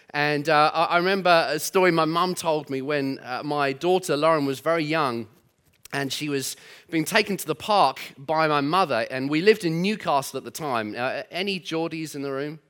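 A man preaching a sermon as pastor in a church, telling stories warmly and acting out the voices in his quotes. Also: on the high side. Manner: warm storytelling with lively voiced quotes. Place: church hall.

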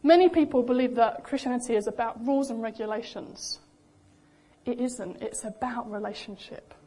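A young woman preaching a sermon in a lively, animated way, acting out the voices she quotes. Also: fairly high pitch, normal speed. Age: young adult.

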